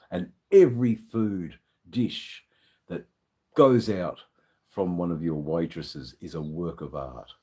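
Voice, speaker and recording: Deep husky Australian man, tipsy and rambling. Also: a little mellow. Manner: rambling, swearing, answering chat comments. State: a bit tipsy. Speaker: livestream host. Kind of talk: casual live-stream chat with viewers.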